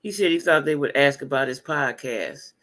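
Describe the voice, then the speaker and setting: A woman hosting a casual livestream chat, talking to her viewers in a blunt, animated and profane way, with repeated exclamations. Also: rumbling low, moderate pace. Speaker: livestream host reading viewer comments.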